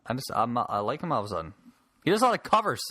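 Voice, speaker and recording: A man from Newfoundland talks loosely and profanely on his own podcast, joking his way from one tangent to the next. His pitch swings widely as he rants. The sound is dry and close, with no room around it. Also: very animated, rapid-fire, bright, forceful tone, slightly rough, no room sound. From Newfoundland, Canada. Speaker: podcast host and stand-up comic. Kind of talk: casual solo podcast rant.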